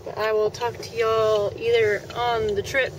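A woman's voice: on the high side, level tone, measured pace, background noise. A woman vlogging casually from a car, chatting and rambling with lots of fillers. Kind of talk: casual vlog chat.

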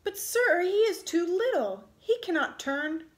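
A woman's voice: extremely high pitch, very animated, unhurried, darkish tone, roomy sound, voice pushed up, full character voice. A woman reading aloud, voicing a polite, eager young boy in a storybook. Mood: pleading, polite. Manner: polite, pleading.

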